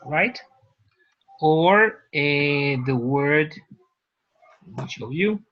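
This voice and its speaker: A man's voice: a little high, lively intonation, drawn-out words, lo-fi sound. A man, a teacher giving a university lecture, explaining patiently and often checking that students follow. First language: Spanish.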